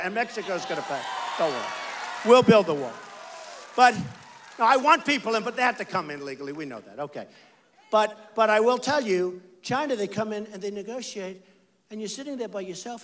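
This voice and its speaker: A man in his sixties from the US, running for office, speaks in a high-pitched, fairly bright voice. His rally speech at a large venue is rambling and emphatic, delivered on a stage mic with repeated phrases aimed straight at the crowd.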